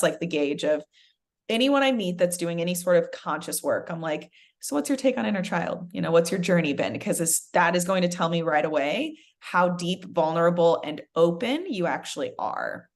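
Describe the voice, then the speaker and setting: A woman hosting a casual conversation, chatty, often adding "right" and "you know.". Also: fairly low pitch. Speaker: podcast host.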